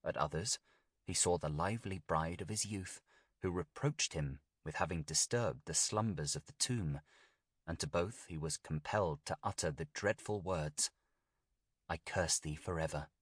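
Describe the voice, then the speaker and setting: Deep, husky male storyteller. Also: no echo, studio quality. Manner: steady, deliberate storytelling. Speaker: narrator. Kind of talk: audiobook reading of a gothic tale.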